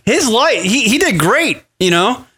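A man's voice: very high voice, unhurried, slightly rough. A man hosting a radio talk show, chatting casually, rambling and swearing a lot. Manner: rambling, swearing often, animated. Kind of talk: casual chat.

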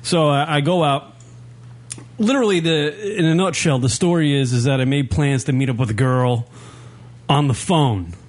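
A man's voice: a little high, moderate pace. A man in his thirties hosting an internet radio show, telling a long rambling story in casual studio banter. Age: 30s. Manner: rambling storyteller, frequent restarts.

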